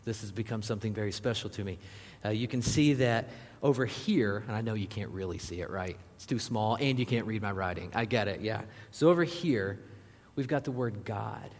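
A man's voice: lowish voice, a little fast. A man, a pastor, delivering a conversational sermon and turning now and then to speak directly to the congregation. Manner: conversational preaching with asides to the audience. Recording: long reverb of a large hall.

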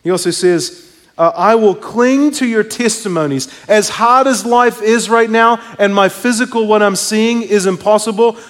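A man preaching a sermon as a pastor, speaking conversationally and with animation, often stepping out for asides to the congregation. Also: high-pitched. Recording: long hall reverb.

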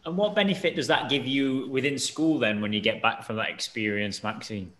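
A man's voice: mid-range voice, a little fast, fairly bright tone, roomy sound. A man interviewing a teacher and putting a short question to her.

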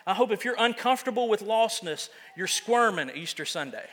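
A man's voice: high voice, expressive, brisk, fairly bright tone, in a large hall. A man preaching a sermon as pastor, casual and self-deprecating, often restarting his sentences.

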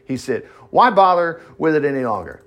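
Man, bible reading with running commentary, expressive pitch swings, fairly high voice. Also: fairly quick, lo-fi sound. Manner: animated, breaks into asides and acted-out voices. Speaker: Bible teacher.

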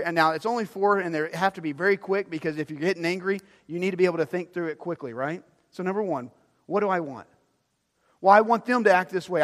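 A man preaching from the pulpit, his somewhat high voice carried by the long reverb of a large hall. He moves from loud, pressing emphasis to hushed, low lines as he drives each point home. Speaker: pastor. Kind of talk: sermon.

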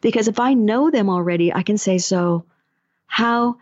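A woman's voice: mid-range voice, fast, dark tone, no room sound, lo-fi sound. A woman working as an energy healer and life coach, chatting casually and telling stories as she acts out the lines of the people in them. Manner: chatty storyteller who acts out quoted dialogue. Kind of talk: casual personal monologue.

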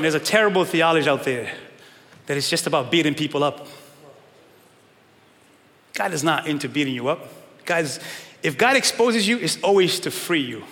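A male pastor preaching a sermon with emphatic swings from shouting to low, quiet stretches. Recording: long reverb of a large hall.

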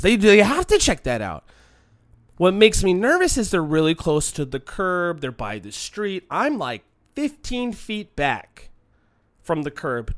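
Brief: casual, profane anecdote teller with a lively, swinging delivery, shifting from mutters to outbursts, recorded dry and close. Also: mid-range voice, unhurried, dry recording. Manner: profane, swings between quiet muttering and loud exasperated outbursts. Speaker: storyteller.

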